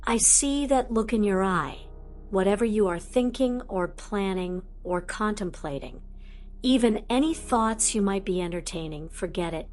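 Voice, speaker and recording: A woman's voice: mid-range voice, moderate pace, darkish tone, faint music behind, lightly acted. A woman voicing a curt, exasperated teenage boy wizard in a fan audiobook. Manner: curt, snappish.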